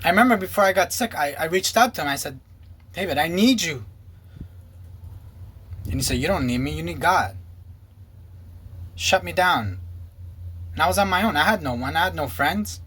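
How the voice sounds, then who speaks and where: Husky man giving earnest personal testimony. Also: expressive, moderate pace, long pauses, a bit bright. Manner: earnest, emotional, quotes others in lowered voice. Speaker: former pastor and ministry co-founder.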